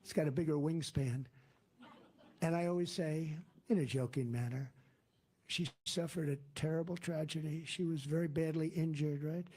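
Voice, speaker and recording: A man's voice: on the high side, steady tone, moderate pace, mellow. A man giving a campaign rally speech as a political candidate, talking in a rambling, digressive, repetitive way.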